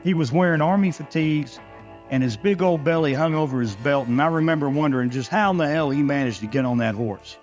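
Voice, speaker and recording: A man's voice: fairly high pitch, fairly quick, darkish tone, lo-fi sound, soft background music. A man narrating a first-person ranch story in a dry, folksy way, with a Texan accent.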